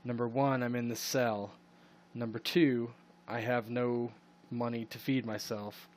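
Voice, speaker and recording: A man's voice: mid-range voice, level tone, measured pace, lightly acted. A man voicing a ragged young boy beggar locked in a cell, bargaining in a matter-of-fact way during a tabletop game.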